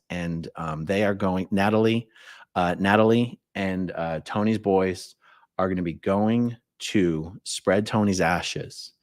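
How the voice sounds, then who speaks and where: A man with an American accent talks casually on a livestream and reads viewer comments aloud. His voice sits low, and the sound is dry and close, with no room echo. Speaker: livestream host filling in.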